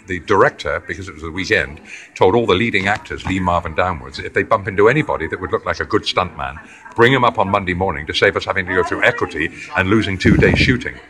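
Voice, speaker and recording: An English man in his seventies with a deep voice, rambling through long anecdotes as an interview guest. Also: fast talker, background noise. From England. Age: 70s. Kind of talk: anecdotal storytelling. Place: indoors near a corridor.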